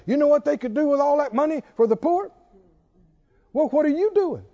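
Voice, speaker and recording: A man's voice: very high voice, moderate pace, warm tone, lo-fi sound. A man preaching a sermon, emphatic and driving his points home with repeated rhetorical questions.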